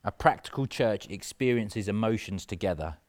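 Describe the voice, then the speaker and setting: A man's voice: on the low side, animated, moderate pace, darkish tone. A man preaching a sermon in an earnest, conversational way, with self-mocking asides.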